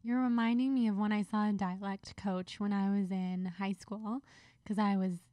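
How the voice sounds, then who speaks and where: A woman's voice: medium pitch, steady tone, moderate pace, mellow, no echo. A woman guest on a podcast, talking in an earnest, reflective way with a bit of a Valley Girl lilt. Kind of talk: casual chat.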